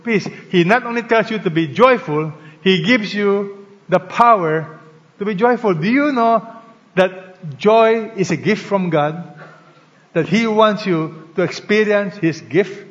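A man's voice: high-pitched, unhurried, fairly bright tone. A man preaching a sermon as pastor, leading a prayer and prompting the congregation to answer and read along. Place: large church hall. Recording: long hall reverb, slightly dull sound.

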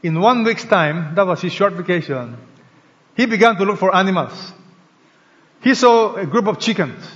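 In a large church hall, a pastor with a high, slightly bright voice and lively intonation preaches at a moderate pace, leading a prayer and prompting the congregation to respond and read along. Long hall reverb gives the sound a slightly dull quality.

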